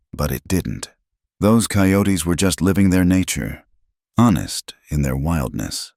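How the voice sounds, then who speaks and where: A man narrating a Western story in a calm, measured, scripted style. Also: sits low, dry recording, clean studio sound.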